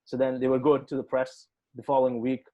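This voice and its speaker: Brisk and medium-pitched, this man's recording has its highs cut off. The musician guest from the UAE is in a casual interview, swearing freely and voicing the dialogue as he animatedly tells his story.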